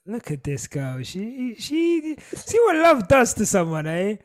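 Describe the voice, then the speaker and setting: A young man co-hosting a casual podcast, slangy and given to loud bursts. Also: high voice, wildly swooping pitch, unhurried. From Britain. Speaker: podcast co-host.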